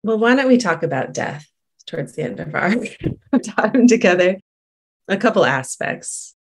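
An interview host with a mid-pitched voice who asks questions gently and reflectively. The pace is thoughtful and the manner stays calm. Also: measured pace, a little hiss or hum.

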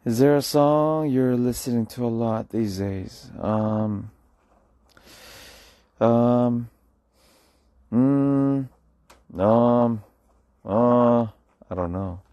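A man's voice: very slow, long pauses, warm tone, no room sound. A sleepy young man, a singer, chatting casually on a late-night phone livestream while he reads out comments. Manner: low-key, murmured, answers comments in English and Korean.

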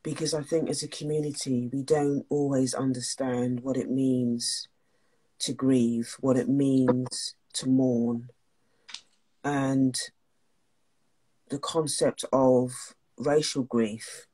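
A woman's voice: very deep voice, level tone, takes it slowly, dark tone, husky. A woman hosting a talk, speaking openly and emotionally before reading a passage aloud. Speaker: host and wellness coach.

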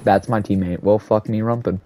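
A man's voice: lowish voice, fairly even intonation, brisk, heavy background noise. Profane, sarcastic gamer man with gunfire. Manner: profane, sarcastic rambling with sudden yelled outbursts. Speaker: gaming commentator. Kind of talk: gameplay commentary. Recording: loud game gunfire under the voice. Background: game gunfire and shots.

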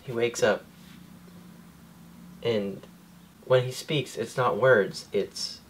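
A young man hesitantly pitches a story idea to his friends, filling the gaps with a lot of "like." There is a faint hum of room noise behind him. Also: fairly even intonation, slow. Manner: earnest, hesitant pitching with fillers. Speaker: comedy group member. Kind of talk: casual brainstorming chat.

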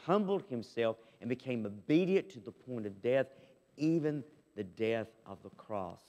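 Male pastor, emphatic sermon delivery, medium pitch, long reverb from a church hall. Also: lively intonation, moderate pace. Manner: emphatic, swinging from loud to soft. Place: church sanctuary.

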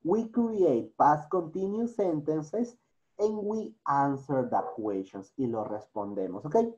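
A teacher with a Latin American Spanish accent, speaking English as a second language, coaxes his class through a grammar lesson, repeating their answers and mixing in Spanish. His voice is fairly high, sing-song and mellow, with a measured pace, and the recording is dull and lo-fi.

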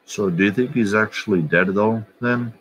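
A man's voice: lowish voice, a bit bright, slightly rough, rough recording. A man vlogger talking casually and bluntly about soccer and other channels, swearing offhandedly. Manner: slow, offhand, blunt and profane. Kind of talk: casual chat.

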